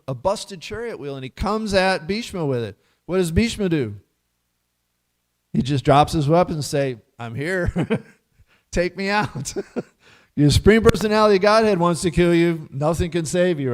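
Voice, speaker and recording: Man giving a lively scripture class, slightly high voice, asks the room questions, chuckles through it. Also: normal speed, long pauses. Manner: animated storyteller, rhetorical questions, chuckles often. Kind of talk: casual scripture class talk.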